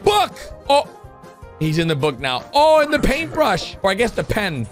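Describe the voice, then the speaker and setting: A young man giving excited reaction commentary on a video, exclaiming loudly and calling his viewers "boys" and "bro". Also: high-pitched, moderate pace, faint music behind. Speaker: YouTuber reacting to an animation.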